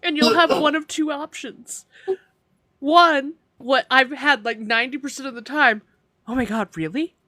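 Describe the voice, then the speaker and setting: A woman's voice: high voice, fairly even intonation, unhurried, pushed and bright, no echo. A woman co-hosting a paranormal podcast in casual chat, laughing through her words as she talks. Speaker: podcast co-host.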